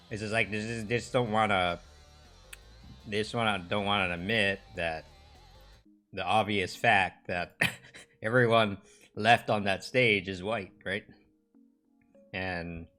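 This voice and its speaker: Casual male streamer, lowish voice with a bright edge, halting and filler-heavy, faint music behind. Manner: rambling, halting, lots of fillers. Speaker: livestream host. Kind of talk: casual chat with live viewers.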